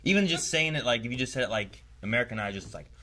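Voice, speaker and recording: A man chats casually while co-hosting a reaction video. His voice sits at an ordinary middle pitch, and he talks haltingly, stopping and restarting his sentences. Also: animated, pushed and bright. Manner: hesitant, with many fillers and restarts. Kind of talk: casual chat.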